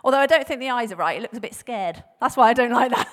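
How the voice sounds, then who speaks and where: A woman speaking to a church in a relaxed, conversational sermon. Her voice sits a little high, and she talks with lots of fillers and quick restarts. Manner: chatty, laughs often, many fillers and restarts; animated, acts out bible quotes with voices. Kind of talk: casual sermon talk.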